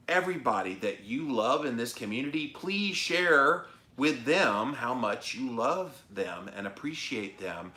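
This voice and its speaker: A middle-aged man hosts a casual live stream in an animated, emphatic way. His voice sits low but sounds bright and forceful. The room around him is echoey. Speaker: host of a live-stream show. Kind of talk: casual livestream chat reading comments.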